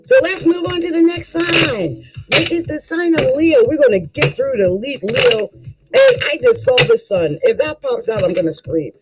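Animated tarot reader, lively swooping voice. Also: high voice, normal speed, background noise. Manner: animated and exclamatory, talks straight to the listener; folksy, coaching tone. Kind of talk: casual tarot card reading.

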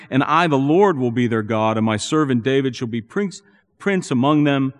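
Male pastor, earnest sermon delivery with rising emphasis; medium-pitched voice with long hall reverb. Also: normal speed. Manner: earnest, building to animated emphasis.

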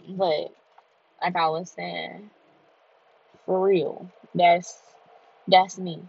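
Woman vlogger, low voice, candid heartfelt freestyle talk, dull lo-fi recording. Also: extremely slow, creaky, long pauses, darkish tone, husky. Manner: candid, heartfelt, repetitive and conversational. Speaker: vlogger and podcaster. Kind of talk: casual freestyle monologue.

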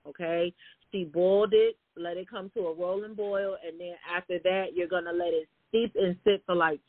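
A woman co-hosts a casual podcast in a mid-range voice, speaking directly to listeners with slang and pet names. There's no echo, though the sound is tinny, like a phone.

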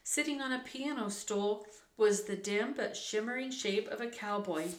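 A woman reading a children's book aloud, unhurried, now and then correcting a slip. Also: a little high. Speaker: reader. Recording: roomy echo.

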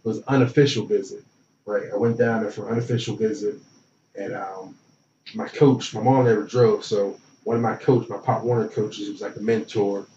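An animated young man who tells stories from his small-town youth, switching into the voices of the people he describes. He sounds a bit distant from the mic in a roomy space, with a dull, muffled tone and faint noise behind him. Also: fairly low pitch, brisk. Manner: animated, acts out voices in anecdotes. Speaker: interview guest. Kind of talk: casual storytelling. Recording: roomy, dull and slightly noisy.

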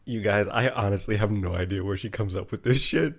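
A man co-hosting a podcast in casual chat, an animated storyteller who swears freely. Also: on the low side, fairly quick, gravelly. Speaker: podcast co-host.

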